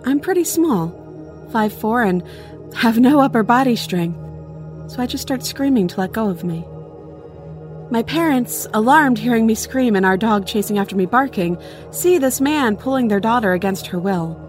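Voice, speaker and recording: A woman's voice: fairly high pitch, lively intonation, moderate pace, faint music behind. A woman narrating a first-person true story in an earnest, conversational way. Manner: earnest, conversational retelling with small restarts.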